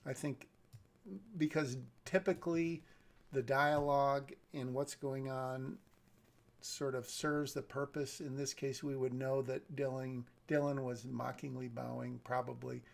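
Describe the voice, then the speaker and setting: On a live stream, a man with a gravelly, medium-pitched voice reads a screenplay and thinks aloud about it as a script reader giving feedback. His pitch barely moves, his pace is measured, and he often hedges and corrects himself.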